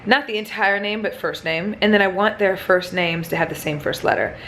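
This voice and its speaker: A woman's voice: mid-range voice, fairly quick, fairly bright tone, a little hiss or hum. A young pregnant woman vlogging casually to camera, chatty and blunt, swearing freely and using lots of fillers. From American Midwest.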